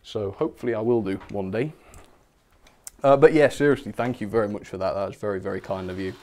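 This model railway livestreamer is a young man with a fairly low, slightly mellow voice who talks a bit fast. He's casual and chatty with his viewers, laughing a lot, mocking himself and reading out chat messages.

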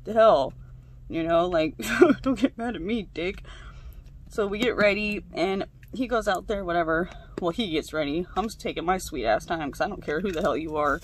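A woman's voice: fairly low pitch, moderate pace. A young woman chatting casually while she crafts, venting and swearing freely. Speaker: craft vlogger.

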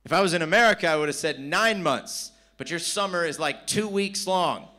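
A man's voice: fairly high pitch, animated, a little fast, bright, forceful tone. A man from San Diego, performing brash, profane stand-up with crowd work at a live comedy venue. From San Diego, California.

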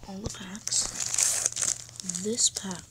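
A woman hosting a card-pack opening vlog, often talking in a hushed whisper and getting excitable. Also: mid-range voice, very slow. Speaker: channel host. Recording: noisy with crinkling wrappers. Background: tearing and crinkling card packs.

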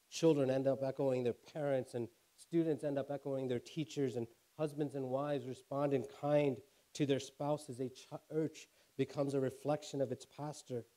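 A middle-aged man preaching a sermon as pastor, telling stories and rising in pitch and force to drive points home. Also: mellow.

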